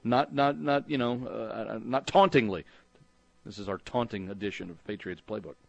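A man's voice: on the low side, moderate pace, creaky, no echo, highs cut off. A middle-aged man from Texas hosting a sports talk call-in show, speaking in a rambling, conversational way with frequent restarts and fillers. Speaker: sports radio host.

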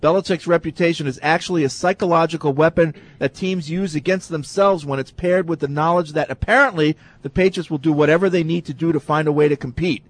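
A man's voice: a little high, fast, hardly any pauses, dry recording. A man hosting a casual sports talk show, reading listener emails aloud and steering the talk.

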